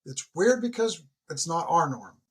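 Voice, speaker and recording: A man around sixty chats as an interview guest, his husky voice sitting slightly high for a man. He tells stories with energy, jumping up in pitch as he acts out the people in them. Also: normal speed. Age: about 60. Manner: animated storyteller who acts out dialogue with big pitch jumps. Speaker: podcast guest, retired military leader. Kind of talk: casual interview conversation.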